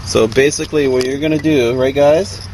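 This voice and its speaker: A man's voice: medium pitch, moderate pace. A man casually showing how to check a truck's front end outdoors, rambling with lots of ums and uhs as he works. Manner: relaxed, rambling, full of ums and uhs while working. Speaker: DIY mechanic showing truck repairs. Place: outdoors beside a truck, away from the house. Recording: noisy outdoor recording.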